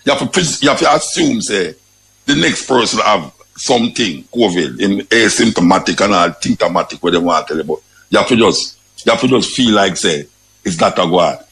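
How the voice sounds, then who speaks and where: A man's voice: lowish voice, expressive, brisk, vocal fry, a bit bright, slight background noise, rough recording. A man with a Jamaican accent giving emphatic spoken commentary, repeating his points and often saying "you know".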